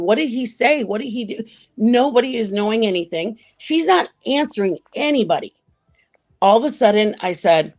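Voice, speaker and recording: Lady rambling thru a story on a livestream, keeps correcting herself, mid-pitched voice. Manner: rambling, self-correcting retelling.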